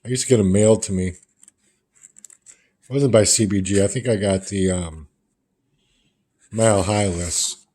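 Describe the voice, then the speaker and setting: Low, mellow-voiced man recapping comics. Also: normal speed, pauses often. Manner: loose, rambling retelling of comic panels. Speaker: comic book reviewer. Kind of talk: casual comic book recap.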